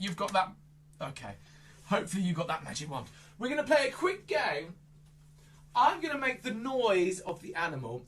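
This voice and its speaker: A man performing an interactive kids' magic show, playful, with exaggerated squeals and shouts. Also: high-pitched, recorded from a distance. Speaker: children's entertainer.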